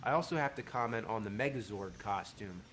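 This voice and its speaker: A man giving a casual, animated spoken review of a TV show, swearing freely as he talks. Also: lowish voice, brisk, slight background noise.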